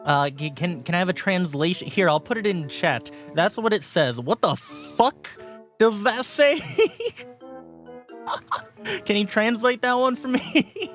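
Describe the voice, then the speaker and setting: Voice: medium pitch, big pitch swings, takes it slowly, a bit bright, faint music behind. A livestream host casually reading chat messages aloud, often swearing and laughing in disbelief.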